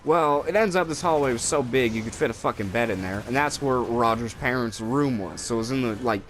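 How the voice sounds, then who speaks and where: This young co-host of a gaming video talks fairly quickly in a mid-range voice, a little hiss or hum underneath. He swears a lot and rambles through animated stories as he plays, getting louder for quotes.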